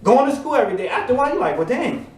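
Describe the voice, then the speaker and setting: A man's voice: very high voice, very animated, rapid-fire, a little mellow. A man preaching a motivational sermon, building to emphatic repeated refrains. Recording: echoey room.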